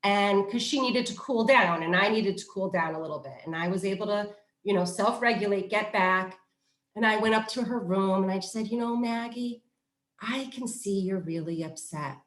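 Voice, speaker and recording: A middle-aged woman, a positive discipline trainer, giving casual parenting advice in an animated way. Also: mid-range voice, brisk. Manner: animated storyteller who acts out quoted voices. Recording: roomy echo.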